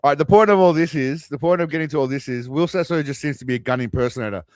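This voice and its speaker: A man's voice: fairly high pitch, very fast, a little mellow, dry recording. A man hosting a stream, commenting casually in a rambling, chatty way. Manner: rambling, chatty, with restarts and laughs. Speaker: stream host.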